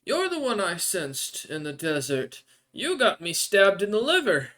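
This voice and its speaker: A man's voice: high voice, huge pitch swings, a little slow, a bit bright, pitched above the performer's own voice, exaggerated voice. Man voicing an ancient friendly desert stranger.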